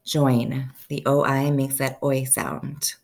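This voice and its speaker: A woman teaching a first-grade phonics lesson, slowly stretching out each sound so children can say the words with her. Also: a bass voice, little pitch movement, gravelly, a little mellow.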